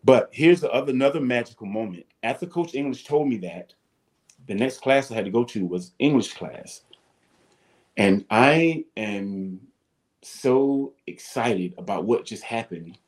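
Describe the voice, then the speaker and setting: A man, telling casual stories as a guest, animated and salty-tongued. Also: medium pitch, unhurried. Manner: animated, swears casually, acts out voices. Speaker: guest, former football player. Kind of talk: casual storytelling.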